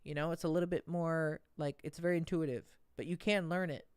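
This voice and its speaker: A man's voice: on the high side, steady tone, a little fast, clear, resonant tone, no echo, clean studio sound. A man coaching dating on a livestream Q&A, blunt and profane, swinging his voice up and down to show how rhythm works.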